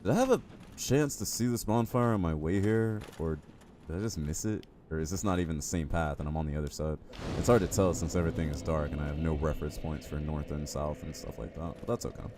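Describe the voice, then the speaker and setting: A man's voice: extremely low pitch, quick pace, music in the background. A man streaming a game live, chatty and jokey, reacting to the game and talking to his chat. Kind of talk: live gameplay commentary.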